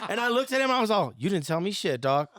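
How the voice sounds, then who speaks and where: A man in a band tells a tour story with lively energy, acting out every quote he remembers. His voice sits a little high and sounds dry and close to the mic. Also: quick pace, dry recording. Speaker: band member. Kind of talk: casual storytelling.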